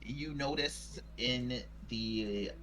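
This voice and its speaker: A man's voice: mid-range voice, very slow, fairly bright tone, a little hiss or hum, rough recording. A man running a tabletop game as game master, playful and teasing, with frequent hesitations.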